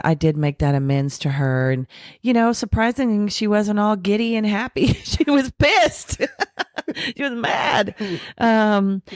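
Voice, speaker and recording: A woman guest candidly telling her recovery story, acting out quoted voices and slowing down to make her points. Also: sits low, no room sound, clean studio sound. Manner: frank, animated retelling with acted quotes and self-deprecating laughs; slows down and softens for spiritual points. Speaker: podcast guest.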